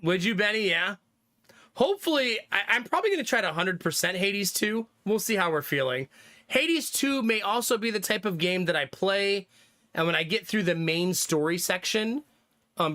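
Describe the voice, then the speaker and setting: A man's voice: high-pitched, expressive, moderate pace, pushed and bright. A young man streaming live, rambling casually to his chat about which games he plans to play, with lots of fillers. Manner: rambling, thinking aloud, frequent fillers and laughs.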